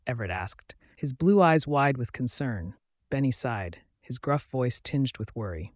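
A man narrating a bedtime story in a soothing, even storyteller's manner. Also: mid-range voice, moderate pace, no room sound, clean studio sound.

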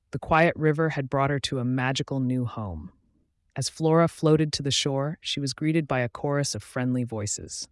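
Gentle male bedtime storyteller. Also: medium pitch, dry recording, clean studio sound. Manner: gentle, soothing, even read. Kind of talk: scripted bedtime story narration.

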